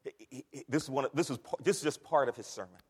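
A male pastor preaching a sermon with passion, swinging from quiet asides to loud cries. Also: medium pitch, fast talker, slightly rough. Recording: long reverb of a large hall.

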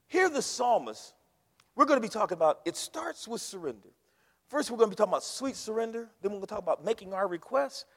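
High, animated preaching man in a reverberant hall. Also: quick pace. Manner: fiery preaching with call and response. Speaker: pastor. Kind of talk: sermon. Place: church sanctuary.

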